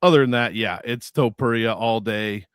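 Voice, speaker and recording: A man giving measured, stat-heavy fight analysis on a podcast over an online call, with many filler uhs. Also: lowish voice, clean tone, dry recording, studio quality. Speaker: fantasy sports analyst.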